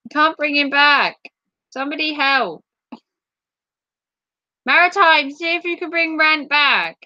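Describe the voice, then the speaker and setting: A woman hosting a casual livestream who reads viewer comments aloud, flustered and apologetic as she thinks out loud. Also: high-pitched, a little slow, no echo, dull audio. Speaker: livestream host. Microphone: tablet device.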